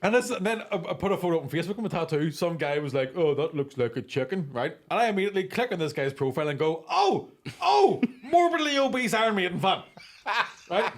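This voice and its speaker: A man in casual podcast banter, his voice sitting a little high for a man. He tells stories in an animated way and swears freely, the way a stand-up comedian riffs with a friend. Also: racing, hardly any pauses.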